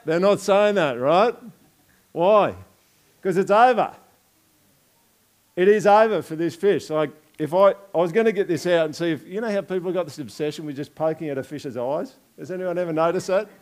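Man, Australian accent, pastor, chatty sermon, jokes, rhetorical questions, a bit high-pitched. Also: moderate pace. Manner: joking, asks the congregation rhetorical questions. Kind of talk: conversational sermon with object lesson.

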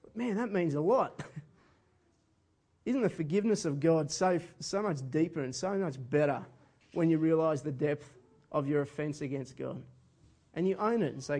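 A man's voice: fairly high pitch, lively intonation, normal speed, pauses often, a little mellow. A man preaching a sermon in an earnest, conversational way, often chuckling as he speaks. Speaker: pastor.

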